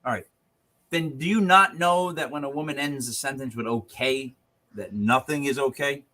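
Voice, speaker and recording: A man's voice: mid-range voice, moderate pace, pushed and bright. A man hosting a podcast who teases his guest with wisecracks in casual chat. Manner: wisecracking, teasing. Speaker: podcast host.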